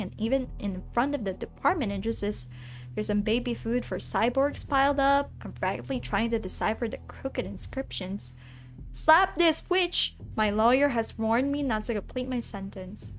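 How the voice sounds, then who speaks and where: A woman's voice: a little high, moderate pace. Playful woman streamer reading game text. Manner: animated, playful, reads narration with asides to chat. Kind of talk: casual let's-play, reading game text aloud.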